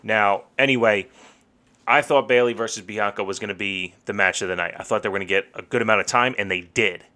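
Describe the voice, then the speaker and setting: A man's voice: on the low side, a little fast, sharp tone. A young man co-hosting a podcast, ranting heatedly in casual talk and swearing freely. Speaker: podcast co-host.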